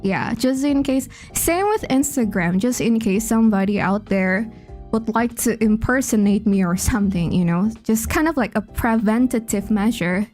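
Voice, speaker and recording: Chatty woman streamer, high voice. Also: normal speed, a little mellow, soft background music. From Indonesia. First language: Indonesian. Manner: chatty, greets chat by name, giggly asides. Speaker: VTuber streamer. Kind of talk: casual livestream chat.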